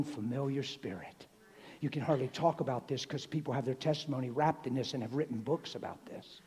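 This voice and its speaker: A middle-aged man preaching a sermon, swinging from hushed, near-whispered lines to loud exclaiming. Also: mid-range voice, husky. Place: church hall. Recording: long hall reverb.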